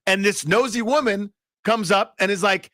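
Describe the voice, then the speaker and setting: A man's voice: high voice, steady tone, pushed and bright, no echo, studio quality. Man chiming in as a radio co-host. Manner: chimes in with quick reactions and jokes. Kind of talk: casual sports radio banter.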